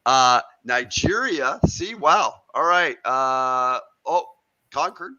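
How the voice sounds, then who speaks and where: A man hosting a live stream, greeting viewers in a friendly, halting way with many uhs. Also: mid-range voice, animated, pushed and bright, dull audio. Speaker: host. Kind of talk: live-stream shout-outs. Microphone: video call.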